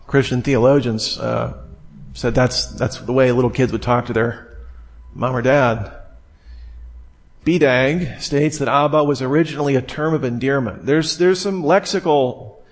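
A man's voice: mid-range voice, unhurried. A man teaching the Bible in a conversational sermon, with digressive asides and repeated words. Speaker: preacher.

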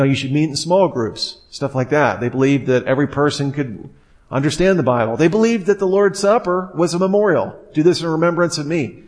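A man's voice: mid-range voice, darkish tone. A man giving an informal teaching talk. He speaks conversationally and with animation, at times acting out quoted speech. His voice sits in a middle range. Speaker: Bible teacher.

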